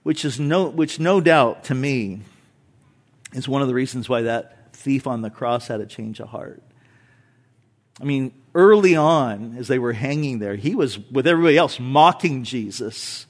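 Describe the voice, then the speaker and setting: A male pastor preaching a sermon in a conversational, animated way, with rhetorical questions and light humor, swinging between loud emphasis and soft low asides. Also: unhurried.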